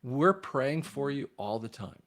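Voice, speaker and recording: A man hosting his own channel, giving a rambling religious and political commentary monologue in an emphatic voice that jumps from loud bursts to near mutters. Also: mid-range voice, expressive, a little slow. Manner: addresses viewers directly as guys.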